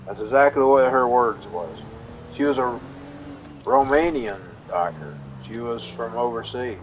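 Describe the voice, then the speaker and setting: A man of ordinary pitch tells a meandering story to his live stream audience. He speaks in a folksy, plainspoken way. His sentences wander and loop back on themselves. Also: expressive, unhurried, slight background noise, poor audio. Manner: rambling, folksy, repeats himself. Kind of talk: casual personal storytelling.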